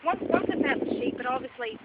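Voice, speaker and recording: A Northern Irish woman playing a mock expert, rambling playfully and tagging "right?" onto her points. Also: quick pace. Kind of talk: improvised mock documentary. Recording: dull lo-fi camera audio with loud background noise.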